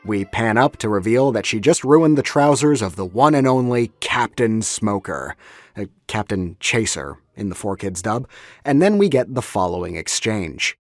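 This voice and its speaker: A man narrates a scripted video essay, wry and analytical, with a lively, rising and falling delivery. Faint music sits under his voice. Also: on the low side, moderate pace, dry recording.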